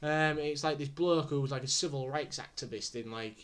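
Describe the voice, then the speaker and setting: A man's voice: fairly high pitch, moderate pace. A man co-hosting a podcast, reviewing a film in rambling casual chat full of fillers. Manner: rambling, filler-heavy, swears mildly. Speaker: podcast co-host.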